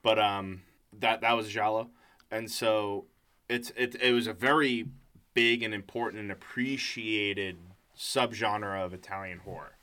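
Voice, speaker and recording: Low-ish voiced guy rambling about horror films on a podcast. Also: steady tone, measured pace, sharp tone. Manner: knowledgeable, explains at length with fillers. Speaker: podcast co-host. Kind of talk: casual chat.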